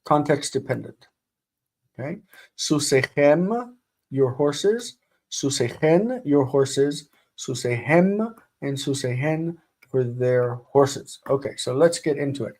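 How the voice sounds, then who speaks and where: A man teaching a live-streamed grammar lesson, speaking deliberately and repeating words for students to drill. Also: medium pitch, lively intonation, a little mellow. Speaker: Hebrew teacher.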